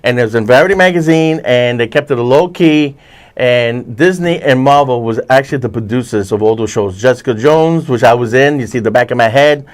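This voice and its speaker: A man hosting a casual chat about movies and TV, rambling with many restarts and self-corrections. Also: mid-range voice. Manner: puts on quick voices when retelling scenes. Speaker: host.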